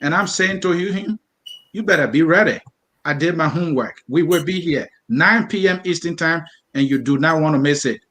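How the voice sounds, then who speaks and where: A man co-hosting a program, signing off with brisk, teasing promotion of the next show. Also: a little high, fairly bright tone. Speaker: co-host. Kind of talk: show sign-off.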